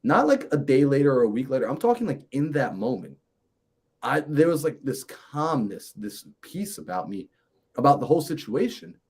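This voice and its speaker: A man, a mindset coach and podcast guest, telling a personal story in a lively way and acting out the conversations in it. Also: mid-range voice, normal speed, husky. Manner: lively, acts out conversations in his stories.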